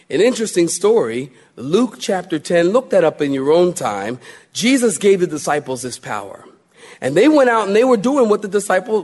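A male pastor preaching a sermon with emphatic repetition and animated storytelling. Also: on the high side.

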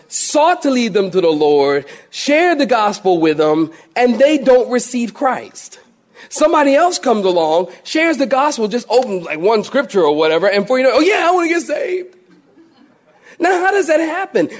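A middle-aged man from Philadelphia, a pastor preaching a sermon and telling stories with lively voiced asides. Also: very high voice.

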